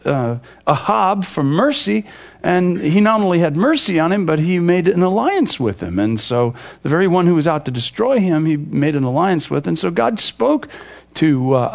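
A man's voice: a little high, creaky. A male pastor teaching from the Bible in a casual, conversational way, with frequent fillers and restarts.

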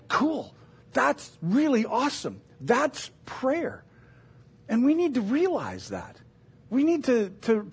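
A man's voice: high voice, breathy edge. A middle-aged man preaching a sermon as a pastor, in an earnest, conversational way with self-deprecating asides.

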